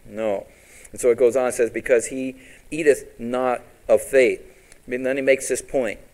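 A man's voice: mid-range voice, fairly even intonation, normal speed, darkish tone, low-quality recording. A man preaching a sermon as pastor, quoting scripture and asking his congregation questions, with big rises and drops for emphasis.

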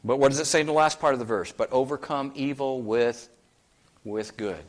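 A man's voice: medium pitch, moderate pace. A male pastor delivers a sermon in a mid-range voice, emphatic and earnest. He presses his points with rhetorical questions. He reads scripture aloud in its old-fashioned wording.

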